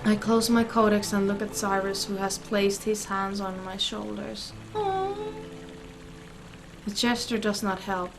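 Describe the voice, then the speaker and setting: A woman hosting a gaming channel, reading a visual novel's story text aloud with expressive, emotional delivery. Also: mid-range voice, normal speed, vocal fry, hardly any pauses. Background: game music.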